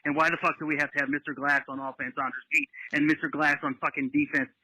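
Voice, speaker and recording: Fast, husky, profane male caller. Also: on the high side, level tone, sharp tone, dry recording, rough recording. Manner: profane, angry ranting. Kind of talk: ranting voicemail.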